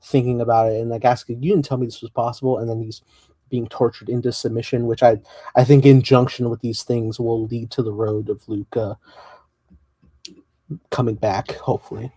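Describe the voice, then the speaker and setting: A young man with a warm, mellow tone chats as a podcast host, enthusiastic and giggly as he talks. The sound is dry and close, with no room echo. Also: medium pitch, little pitch movement, moderate pace. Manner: enthusiastic, giggly fan talk. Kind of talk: casual chat.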